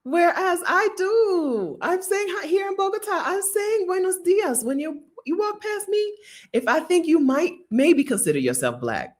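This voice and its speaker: A woman's voice: very high-pitched, measured pace. An American woman telling travel stories in casual chat to viewers, chatty and often laughing. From United States. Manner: chatty, laughing, animated storytelling. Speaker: travel vlogger. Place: Bogota.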